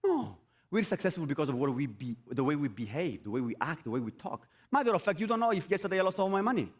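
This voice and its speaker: Man, motivational speaker on stage, high voice, lively swooping pitch, energetic, repetitive, rhetorical questions. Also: fast. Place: event stage.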